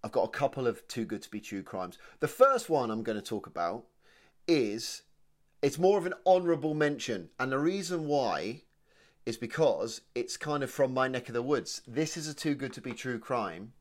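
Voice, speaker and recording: British guy co-hosting a pod, chatty and matey, middle pitch. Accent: British English. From England. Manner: chatty, matey, says "mate" a lot. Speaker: podcast co-host. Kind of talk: casual chat.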